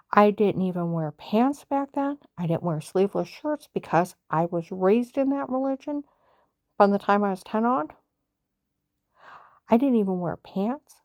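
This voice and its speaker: A woman's voice: mid-range voice, expressive, measured pace, a little mellow, no room sound, clean studio sound. A woman on a personal vlog, ranting in an agitated, emphatic way, repeating herself and rambling from point to point. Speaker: vlogger.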